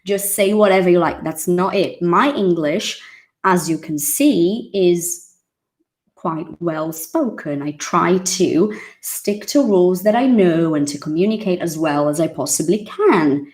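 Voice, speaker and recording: Brazilian woman, 30s, native Portuguese speaker, English teacher; unhurried, expressive, accented casual lesson delivery. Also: on the low side. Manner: expressive, acts out surprised reactions.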